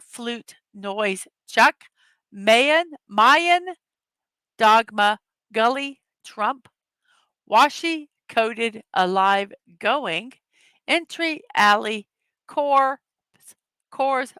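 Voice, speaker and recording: A woman hosting a daily morning show in a casual, upbeat, chatty way, reading puzzle words slowly one at a time and greeting her viewers. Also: fairly high pitch, fairly bright tone, clear, resonant tone, no echo. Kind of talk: casual livestream chat, reading puzzle words and memes aloud.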